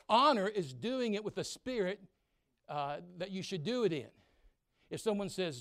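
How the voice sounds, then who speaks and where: A man in his sixties preaching a sermon. He swings from loud exhortation to quiet, personal storytelling and acts out grumbling children in quick asides. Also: high voice, expressive, no room sound. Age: 60s. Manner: preaching loudly with sudden drops to quiet storytelling.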